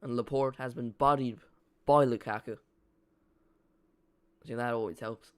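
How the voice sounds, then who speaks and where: A young man talks over a live football match, chatty and dry, with self-mocking jokes between calls of the play. His voice sits at an ordinary middle pitch. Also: fairly even intonation, measured pace, pauses often, clear, resonant tone. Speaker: live watch-along host. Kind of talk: casual live match commentary.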